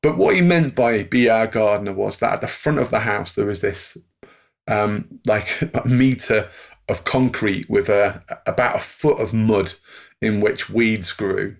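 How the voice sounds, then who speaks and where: A man's voice: fairly low pitch, measured pace, creaky. A middle-aged man, telling a story as a podcast guest and chuckling through it while acting out the voices of the people in it. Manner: chuckles through anecdotes, acts out quoted voices. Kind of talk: storytelling in conversation.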